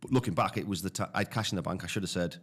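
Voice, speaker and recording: A man's voice: sits low, racing, fairly bright tone. A man with a northeast English accent, telling stories casually as a podcast guest, chatty and full of restarts. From northeast England. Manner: chatty, tells anecdotes with lots of "mate" and restarts. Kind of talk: casual storytelling.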